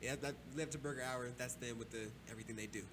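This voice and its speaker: A man's voice: mid-range voice, steady tone, fast, fairly bright tone, a little hiss or hum. A man hosting a casual podcast, telling a story in a loose, profane way and laughing often. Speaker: podcast host.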